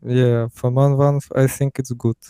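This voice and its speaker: A man with a Russian accent, a mentee speaking English as a second language, halting and hesitant with many fillers. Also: medium pitch, level tone, mellow, clean tone, no room sound, studio quality. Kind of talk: casual chat.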